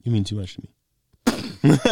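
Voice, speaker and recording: A young podcast host from the North Carolina mountains talks slowly in a lowish, gravelly, warm voice, recorded dry on a studio mic. In a casual chat he plays around and jokes, telling stories complete with quoted voices.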